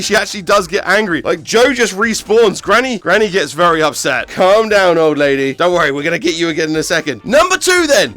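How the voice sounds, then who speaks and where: A man playing a VR game and commenting, playful and teasing, often breaking into sudden shouts. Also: high-pitched. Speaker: gaming YouTuber. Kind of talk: excited VR gameplay commentary.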